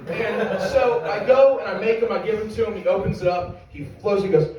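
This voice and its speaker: A man's voice: high-pitched, brisk, crowd noise. A young adult man doing stand-up comedy, telling a rambling, profane, self-mocking story to a live audience. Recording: echoey room from far off.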